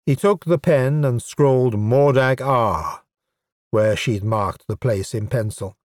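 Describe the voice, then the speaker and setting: A man narrating a fantasy audiobook in an even, understated way. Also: mid-range voice, slow pace, no room sound, clean studio sound. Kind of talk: scripted narration.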